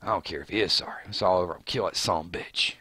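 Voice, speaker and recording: A man voicing a gruff, vengeful tough man in a low, quiet, menacing tone. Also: rapid-fire, no echo, heavily acted.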